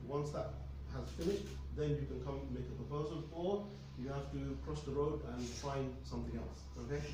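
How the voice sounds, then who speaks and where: A man's voice: a little high, background noise. A man teaching a religious lesson to students, emphatic and often checking in with "okay?". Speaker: Islamic studies teacher. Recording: echoey room, mic at a distance.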